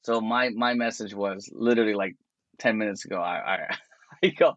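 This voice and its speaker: A man's voice: lowish voice, normal speed, a bit bright, no echo, muffled recording. A man who is a comedian, telling stories in a laid-back, slangy way and laughing often in a casual podcast chat. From Canada. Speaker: comedian guest.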